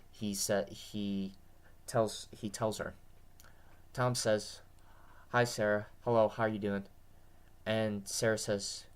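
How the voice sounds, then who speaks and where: A tired man with a dry throat, talking to his viewers in an earnest, repetitive, rambling monologue. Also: fairly low pitch. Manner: repetitive, earnest, restarts often. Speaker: vlogger.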